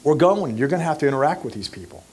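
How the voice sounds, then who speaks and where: A man doing a calm, firm teacher. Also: fairly high pitch, rapid-fire, slightly rough, pitched below the performer's own voice, rough recording. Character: calm, firm male teacher speaking to followers.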